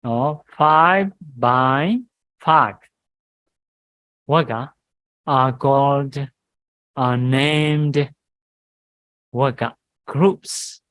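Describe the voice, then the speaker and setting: A man, a monk teaching Pali grammar in halting English, reciting syllables and pausing often. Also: medium pitch, fairly bright tone, no room sound, low-quality recording. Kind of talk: grammar lesson. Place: meditation centre classroom.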